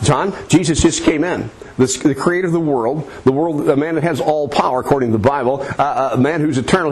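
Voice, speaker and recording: A man's voice: fairly high pitch, darkish tone, a little hiss or hum. A man preaching, leading a listener through a prayer in an earnest, coaxing, repetitive way. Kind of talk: soul-winning demonstration.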